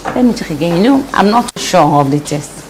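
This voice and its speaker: A woman's voice: on the low side, expressive, brisk, a little mellow, slight background noise, low-quality recording. A woman hosting a casual cooking vlog in her home kitchen, giving repetitive, preachy advice as she cooks. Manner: preachy, repeats phrases for emphasis. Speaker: host.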